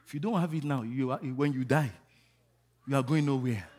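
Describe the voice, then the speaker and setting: A man preaching a sermon, calling on the congregation to repeat after him and building to shouts. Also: mid-range voice, moderate pace. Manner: rising to shouting, call-and-response. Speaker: pastor.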